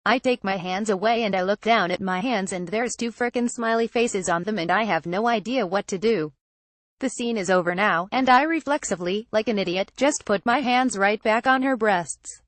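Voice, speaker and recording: Even-toned woman reading news quotes. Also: mid-range voice, normal speed, no echo. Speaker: narrator.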